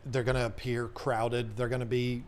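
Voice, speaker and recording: A man's voice: mid-range voice, little pitch movement, moderate pace, a little mellow, slight background noise. A man hosting a casual livestream Q&A, chatting in a rambling way and reading viewer comments aloud. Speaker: host.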